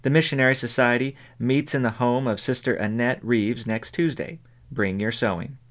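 A man's voice: medium pitch, normal speed, a bit bright, lightly acted. A man reading the part of a stern preacher, speaking formally and declaiming to a congregation. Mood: solemn. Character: stern middle-aged male preacher addressing his flock.

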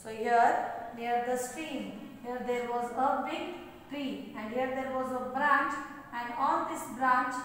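A woman teacher takes her class through a poem line by line, slowly and with plenty of repetition, dropping into Kannada to explain words. Her voice sits high. The recording sounds far from the mic, with a long echo hanging in the room. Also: fairly bright tone, a little hiss or hum. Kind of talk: English lesson explaining a poem.

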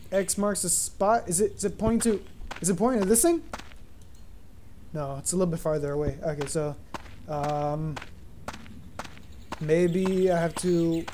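A man's voice: high-pitched, dark tone, a little hiss or hum. A man giving casual gameplay commentary, thinking aloud, unsure of himself and swearing casually. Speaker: gaming YouTuber.

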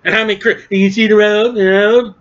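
A male preacher with a high voice delivers a fervent sermon. He swings between low, quiet stretches and shouted peaks. The recording sounds dull and lo-fi. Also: flat delivery, a little fast.

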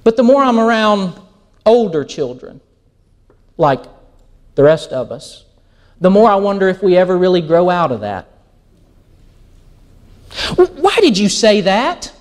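A man's voice: high voice, normal speed, long pauses. A middle-aged man giving a sermon as a pastor, telling stories and acting out quoted dialogue. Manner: animated storytelling, acts out quoted dialogue.

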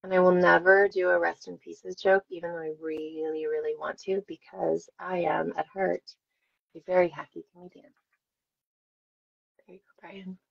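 A woman in her forties, an actress, signs autographs on a live stream and chats with fans, telling self-deprecating stories in a chatty manner. Her low-leaning voice barely moves in pitch, creaky with a breathy edge, at a moderate pace. The stream audio sounds dull and lo-fi.

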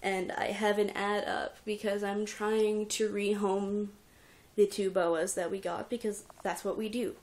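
In this emotional personal vlog, recorded indoors at home on a handheld camera at arm's length, a young woman who runs a reptile rescue vents with frustration and tears. She speaks at a measured pace with a level, medium-pitched voice that's slightly mellow, though her words ramble.

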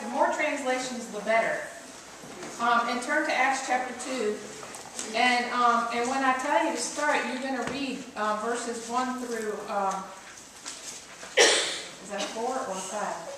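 A woman pastor giving an interactive sermon, playfully coaxing the congregation to join in. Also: sits high. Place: church sanctuary. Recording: echoey church recorded from far off, noisy.

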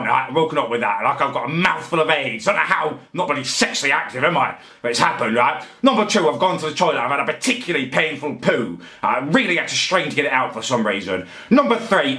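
A man's voice: mid-range voice, sharp tone, roomy sound. An English man ranting to camera in a comic, indignant, exasperated way. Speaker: vlogger. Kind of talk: comedic rant to camera.

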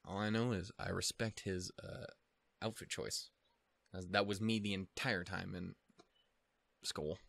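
A man with a fairly low voice talks through an anime reaction in loose, rambling commentary. He swears constantly, apologizes and mocks himself when things go wrong. The sound is close and dry, with no room echo. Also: steady tone, measured pace, vocal fry, pauses often, a bit bright. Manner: profane, self-deprecating, easily flustered. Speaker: anime reaction video host.

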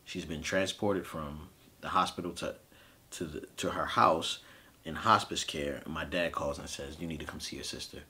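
A grieving man in his thirties with a very low, deep voice, recounting a family loss. He talks in halting, emotional bursts, restarting sentences and leaning on fillers. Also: steady tone, bright, forceful tone. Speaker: podcast host. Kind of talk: personal storytelling.

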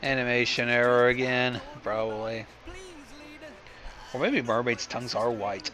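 A man's voice: mid-range voice, steady tone, unhurried, a bit bright, soft background music. A man hosting a riff on a film, in casual, profane and sardonic commentary. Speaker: host riffing on a film.

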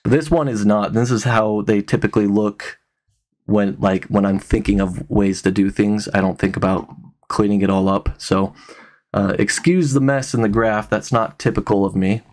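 A man from Utah talking through a casual software tutorial, relaxed and a bit tired, with lots of ums and restarts. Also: on the low side, moderate pace. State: tired, yawning. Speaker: tutorial host.

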